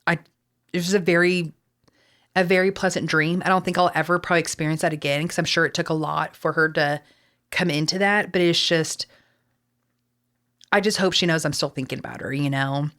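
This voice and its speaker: Texan woman podcasting, lowish voice, chatty, lots of likes and you knows, swears here and there. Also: fairly even intonation, a little fast, fairly bright tone. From Texas. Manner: chatty, swears casually, many fillers. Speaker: podcast host. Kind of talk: casual chat.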